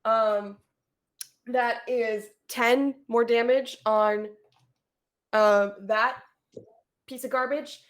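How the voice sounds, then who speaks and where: Donna che gioca di ruolo, parla lenta. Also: female voice, on the high side, steady tone. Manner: halting, full of fillers and swearing. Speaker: player. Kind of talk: playing a tabletop game.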